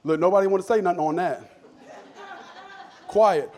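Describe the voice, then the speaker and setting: A man pastor preaching a sermon, calling for amens and swinging between loud emphatic lines and low asides. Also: moderate pace, some chatter behind. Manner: call-and-response preaching, asks for amens.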